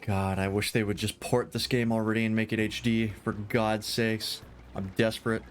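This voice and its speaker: A man's voice: lowish voice, flat delivery, moderate pace, soft background music. A man chatting casually while streaming a game at home, rambling and self-deprecating, swearing now and then. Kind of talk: casual gameplay chat. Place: home room with a VR setup.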